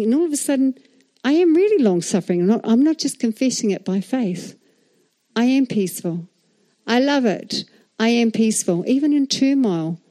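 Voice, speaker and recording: Chatty, animated woman preaching a sermon. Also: on the high side. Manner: animated, chatty preaching with frequent "all right?" and "amen?". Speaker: pastor.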